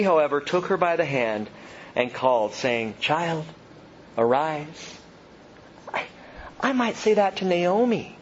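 A man in his thirties, a pastor preaching an expository sermon, reading scripture aloud and then explaining it. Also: a little high. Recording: dull lo-fi sound with faint noise.

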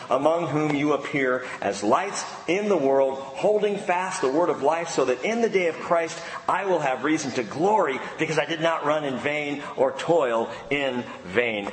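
A man preaching a sermon to a congregation, lively, stretching out key words for emphasis. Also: a little high, slight background noise. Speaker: pastor. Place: church sanctuary. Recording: long hall reverb, faint ambience.

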